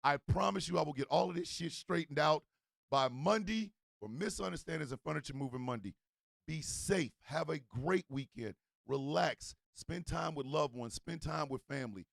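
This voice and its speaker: Gravelly-voiced man hosting a morning show. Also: fairly high pitch, normal speed, dry recording. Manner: heartfelt, laughing, rambling thanks to listeners. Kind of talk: casual sign-off chat.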